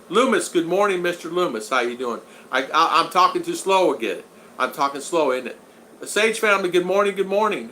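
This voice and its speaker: A man hosting a casual live stream, reading viewer comments aloud with halting, repetitive phrasing and many thank-yous. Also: medium pitch, pushed and bright, slight background noise.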